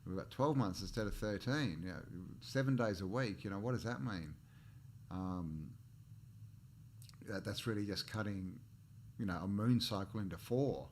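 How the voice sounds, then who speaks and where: A man chats casually on a livestream, drifting from topic to topic and stopping to greet viewers in the chat. His voice sits on the low side, he restarts his sentences often, and a faint hiss runs underneath. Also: normal speed. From Australia. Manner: rambling, greets and answers live chat; frequent restarts and chuckles. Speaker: channel host.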